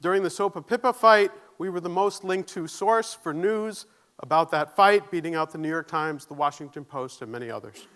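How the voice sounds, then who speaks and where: A man's voice: on the high side, normal speed, fairly bright tone. A man giving a conference keynote, nervous but earnest, asking the audience questions and joking at his own expense. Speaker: keynote speaker. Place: conference stage.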